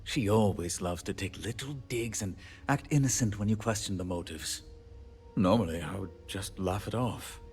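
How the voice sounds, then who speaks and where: Brief: actor as a weary middle-aged handyman, lowish voice, self-deprecating puns, faint music under. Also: normal speed, a little mellow, lightly acted. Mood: wistful. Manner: wry and rambling, laughs at himself. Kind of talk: video game dialogue.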